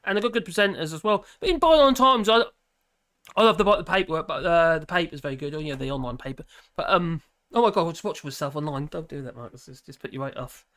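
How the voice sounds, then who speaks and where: A man's voice: on the high side, expressive, fast, a bit bright. A man hosting a live stream in casual chat, rambling, laughing often and trailing off mid-sentence.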